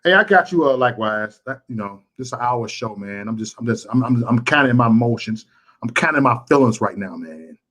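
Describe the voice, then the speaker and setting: A man from Chicago on a live stream, ranting and repeating himself with stammers, swinging from loud outbursts to quiet, upset muttering. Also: mid-range voice, expressive, brisk. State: frustrated and upset. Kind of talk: emotional live-stream rant.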